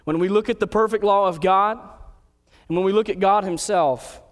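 High-voiced man preaching in a hall. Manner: earnest preaching, slows to read scripture aloud. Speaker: pastor. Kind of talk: sermon.

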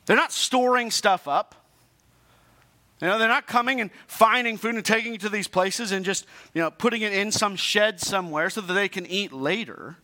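Pastor, male, high bright voice, chatty sermon with humorous asides. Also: normal speed. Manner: conversational preaching with asides and self-deprecating humor; frequent restarts and repeated words.

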